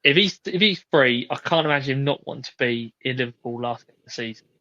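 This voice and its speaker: A man's voice: mid-range voice, fast talker, sharp tone, no room sound, lo-fi sound. A man hosting a podcast in casual chat, laid-back and freely swearing as he rambles. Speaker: podcast host.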